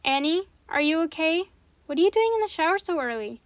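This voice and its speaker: A woman's voice: very high voice, lively intonation, a little fast, slight background noise, pitched above the performer's own voice. A woman voicing a worried mother who calls out with raised, concerned questions. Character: worried mother calling through a door.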